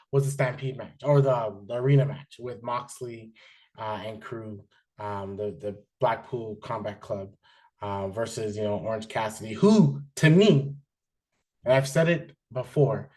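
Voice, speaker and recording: Male podcast host, casual rambling delivery, filler-heavy, mid-pitched, animated in bursts. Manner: rambling, frequent fillers and restarts, animated when excited. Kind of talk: casual chat, reviewing wrestling.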